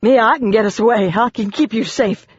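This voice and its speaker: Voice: medium pitch, brisk, husky, dry recording, voice pushed up, natural voice. A narrator voicing a desperate armed man who screams and pleads in a frantic manner, on a dry, dull recording. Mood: pleading. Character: desperate armed man, shouting hostage-taker.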